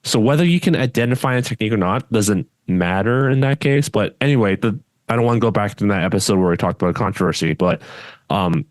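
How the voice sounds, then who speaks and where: A man's voice: lowish voice, quick pace, no room sound. A man co-hosting a podcast, chatting casually and bluntly, often trailing off and restarting his sentences. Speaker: podcast co-host.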